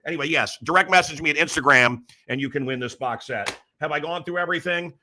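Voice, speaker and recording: A man's voice: a little high, quick pace, pushed and bright, slight background noise. A middle-aged man hosting a show, rambling through opinionated stories and acting out the voices of people he quotes. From Chicago area. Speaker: radio host. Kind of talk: casual opinionated monologue.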